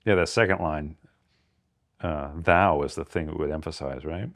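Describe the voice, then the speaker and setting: A man co-hosting a podcast, thinking aloud about poems and reading lines of verse slowly with careful stress. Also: rumbling low. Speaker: podcast co-host. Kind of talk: casual literary discussion.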